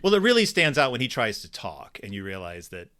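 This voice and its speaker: A man's voice: mid-range voice, wildly swooping pitch, brisk, sharp tone. A man co-hosting a casual book discussion podcast, thinking aloud with plenty of fillers and restarts. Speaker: podcast co-host.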